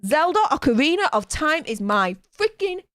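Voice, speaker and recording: A woman hosting a live stream, chatty and animated, reading out viewer comments with lots of fillers. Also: high voice, normal speed, no room sound, studio quality. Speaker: host reading live chat. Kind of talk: casual live-stream chat.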